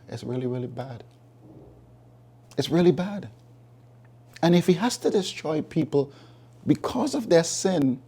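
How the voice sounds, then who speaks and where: Male preacher with a mellow, husky voice, emphatic, repeats points for weight. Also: mid-range voice. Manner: emphatic, repeats key phrases, reasons with listeners. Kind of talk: sermon.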